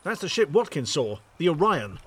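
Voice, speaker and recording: A man's voice: a little high, big pitch swings, normal speed, a little hiss or hum. Man playing a fretful doctor. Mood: wry. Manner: dry, fretful quips. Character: fussy, nervous gentleman doctor.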